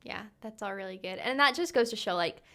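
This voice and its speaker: A woman's voice: mid-range voice, animated, a little fast, fairly bright tone. A young woman co-hosting a podcast, chatting casually with many fillers. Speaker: podcast co-host. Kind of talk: casual chat.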